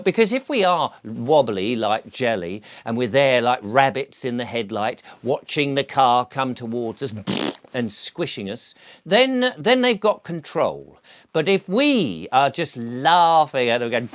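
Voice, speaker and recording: A man's voice: mid-range voice, big pitch swings, a little slow. A man giving a mocking solo monologue, often acting out the voices of the people he quotes. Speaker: video commentator.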